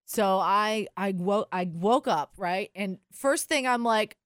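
A woman's voice: medium pitch, slow pace, no echo, studio quality. A woman in her thirties telling a story in casual chat, acting out the people in it.

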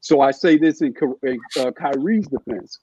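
A middle-aged man talking basketball as a podcast guest, halting and restarting often with many fillers. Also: medium pitch, a little mellow, husky, no room sound, muffled recording. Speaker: guest, former NBA scout. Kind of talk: casual podcast chat.

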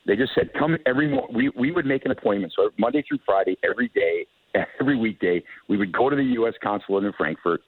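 A man's voice: on the low side, expressive, fast, breathy edge, no room sound. An older man, a hockey executive, telling long rambling anecdotes as an interview guest, with many restarts and chuckles. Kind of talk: casual storytelling. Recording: tinny phone line, dry.

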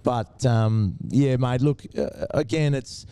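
Laid-back Aussie bloke, mellow voice. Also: male voice, mid-range voice, slow pace, clear, resonant tone, no room sound. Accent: Australian. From Tasmania, Australia. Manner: laid-back, says mate a lot. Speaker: guest, former cricketer. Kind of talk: casual interview storytelling.

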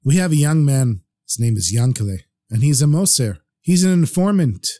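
A man's voice: mid-range voice, animated, moderate pace, mellow, dry recording, clean studio sound, close to an everyday voice. A man voicing a nervous ordinary townsman in a told story. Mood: worried.

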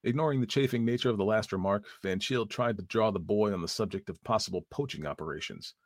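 A man reading a story aloud as narrator in a measured, even manner. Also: on the low side, no echo, clean studio sound.

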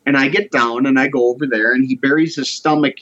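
A man's voice: medium pitch, steady tone, quick pace, fairly bright tone, dull audio. A man in his forties earnestly telling a personal story in a casual conversation. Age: 40s. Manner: earnest, heartfelt.

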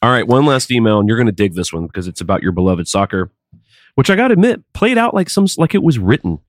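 A man's voice: lowish voice, big pitch swings, fast talker, dry recording, clean studio sound. A man co-hosting a comedy podcast, reading listener emails and chatting in a laid-back, wry way. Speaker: podcast co-host.

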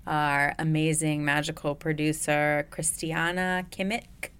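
A woman's voice: sits low, little pitch movement, a little slow, a bit bright, smooth. A woman hosting a recovery podcast in a booth, in playful, jokey casual chat. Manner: playful, jokey, laughs often. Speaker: podcast host. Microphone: studio mic.

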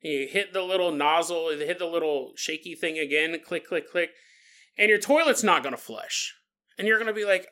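A man hosting a podcast, telling a joking story with frequent laughs in a playful, animated way. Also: a little high, moderate pace. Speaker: podcast host. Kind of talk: comedic storytelling monologue.

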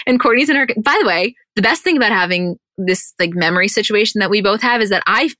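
A woman's voice: medium pitch, expressive, a little fast, bright, forceful tone, dry recording, studio quality. A woman co-hosting a podcast, recapping a reality show in casual chat, gushing and swearing freely with lots of "like". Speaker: podcast co-host.

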